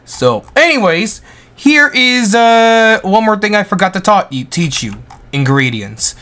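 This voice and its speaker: A man's voice: high-pitched, a little slow. A young man casually walking viewers through a video game, rambling and goofy. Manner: goofy, rambling, excitable outbursts. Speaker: gaming YouTuber. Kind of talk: Roblox gameplay tutorial commentary.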